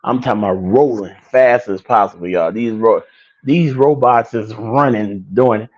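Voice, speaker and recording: A man casually retelling a movie plot, a little wheezy and out of breath, now and then acting out lines in a high excited voice. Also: moderate pace. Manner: animated storyteller, acts out quotes in a high excited voice. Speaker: online show host. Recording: dull lo-fi sound.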